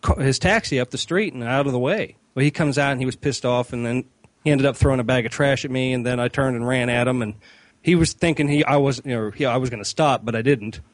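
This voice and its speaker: A man's voice: mid-range voice, quick pace, no room sound. Man telling a profane story, dry sound. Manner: profane, animated anecdote-telling with acted-out quotes. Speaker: regular podcast panelist. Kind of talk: casual storytelling on a comedy podcast.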